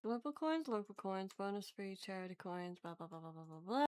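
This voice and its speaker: A woman player in a tabletop campaign, chatting and recapping the last session in an unhurried way, searching for words with ums and breaking into giggles. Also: mid-range voice, lively intonation, darkish tone, smooth, dry recording, studio quality. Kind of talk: casual chat and session recap.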